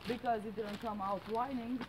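A mother speaks in a matter-of-fact, scolding way to her child. Her voice sits high for a woman. The phone recording picks up plenty of outdoor noise behind her at night. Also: steady tone, normal speed, poor audio. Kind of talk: casual family talk.

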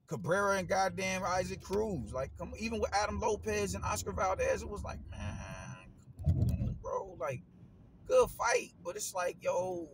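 A man, giving a casual opinion monologue as a boxing commentator, animated and slangy, swearing and repeating himself. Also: high-pitched, moderate pace, noisy background.

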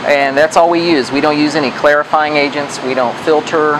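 A man working as a brewmaster, calmly explaining how the beer is made, with frequent ums and uhs. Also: fairly high pitch, a little fast, noisy background. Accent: American. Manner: patient, knowledgeable, hesitant with ums and uhs. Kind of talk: explaining beer on a brewery tour. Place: brewery.

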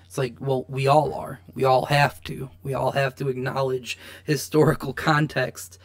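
A man's voice: mid-range voice, level tone, normal speed. A young man hosting a show, reacting to a debate clip in casual, rambling commentary, exasperated and swearing often.

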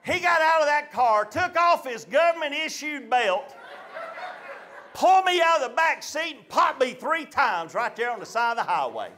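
A man's voice: extremely high pitch, normal speed, a little hiss or hum. A man telling a stand-up story to a live audience, acting out his family's voices. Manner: animated, acts out family voices. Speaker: stand-up comedian. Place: live comedy show venue.

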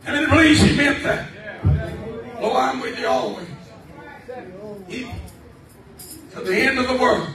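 A man preaches a revival sermon in a very high, swooping voice, shouting and crying out praise between lines. He is heard from a distance in a booming, echoey church hall, with a congregation murmuring around him. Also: animated, unhurried, pauses often, a crowd in the background. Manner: fervent, shouting preaching with repeated praise cries. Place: church sanctuary.

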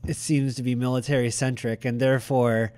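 A man co-hosting a podcast in casual chat, excitable and quick to laugh. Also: medium pitch. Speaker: podcast co-host.

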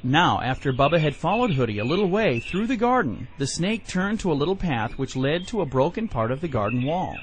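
A man reads a fairy tale aloud, his voice a touch high and swinging widely in pitch as he animates the story. A faint hum of ambience sits under the reading. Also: big pitch swings, fairly quick, few pauses. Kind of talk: storybook narration.

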